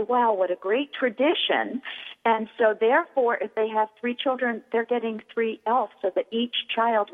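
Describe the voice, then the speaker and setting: A middle-aged woman, a toy store owner and guest on a radio show, explaining things in an animated way and acting out examples. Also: mid-range voice. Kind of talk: radio interview. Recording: tinny phone line with long reverb.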